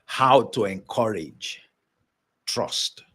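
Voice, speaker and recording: A man's voice: on the low side, lively intonation, drawn-out words, a bit bright. A man giving a motivational leadership lesson in an emphatic, preacher-like way, repeating his key points. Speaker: leadership coach.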